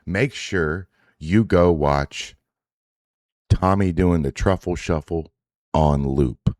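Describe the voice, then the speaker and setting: A man with a very low voice hosts an online reaction show. He talks bluntly and swears a lot, and he keeps sounding exasperated. The sound is dry and close, with no room echo. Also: slow, darkish tone. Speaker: host reacting to clips. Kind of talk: casual reaction commentary.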